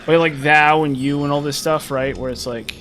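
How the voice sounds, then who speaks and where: Rambling young man with a higher voice. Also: steady tone, moderate pace, fairly bright tone, a little hiss or hum. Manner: rambling, musing, many restarts and fillers. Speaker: gaming channel host. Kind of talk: casual gameplay commentary.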